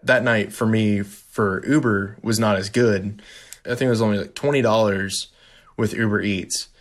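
A man, a veteran who drives deliveries, recounting a story in a relaxed, self-deprecating way with frequent "kinda" and "like". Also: lowish voice, normal speed. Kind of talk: storytelling interview.

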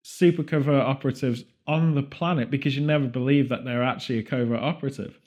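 Rambling man riffing deadpan. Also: medium pitch. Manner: rambling deadpan absurd riffs, quick bursts of put-on voices. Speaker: podcast co-host. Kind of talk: comedic podcast banter.

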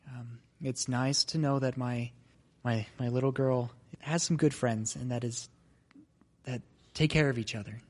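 A man voicing a grateful mother in a tabletop role-play, thanking her daughter's friends slowly and haltingly. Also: mid-range voice, steady tone, darkish tone, voice pushed down, natural voice. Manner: slow, halting, earnest thanks. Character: gentle grateful mother of a young woman.

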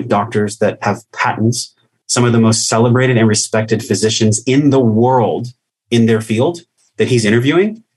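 A man with a low, husky voice delivers a podcast host's monologue. He talks in a heated, rambling way and leans on "like" fillers as he works through his thoughts. It sounds loose and conversational rather than scripted. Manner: impassioned, rambling, frequent "like" fillers. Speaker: podcast host.

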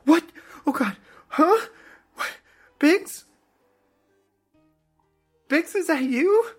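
A frantic young man, as a player acts him out, pushed high and pleading, close to tears. His questions tumble out in a rush of panic. The voice is raised well above the player's own. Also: a little slow, fairly bright tone, faint music behind. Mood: shocked.

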